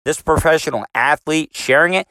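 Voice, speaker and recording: A man's voice: on the high side, fairly quick, pushed and bright, dry recording. A man, formerly in radio, delivering a combative, profane rant full of rhetorical questions. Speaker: commentator, former radio host. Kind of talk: ranting commentary.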